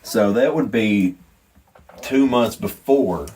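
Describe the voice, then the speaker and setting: A man co-hosting a podcast in casual chat, relaxed and swearing a lot, with plenty of fillers. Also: fairly low pitch, slow, recorded from a distance, a little hiss or hum, poor audio. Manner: laid-back, swears a lot, many fillers. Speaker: podcast co-host.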